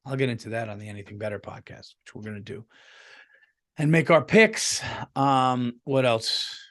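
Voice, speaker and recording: On his on-camera podcast, a man of medium pitch and normal speed rambles through a funny, swear-heavy monologue. His tone is a bit bright, and he frequently starts over mid-thought into the podcast mic.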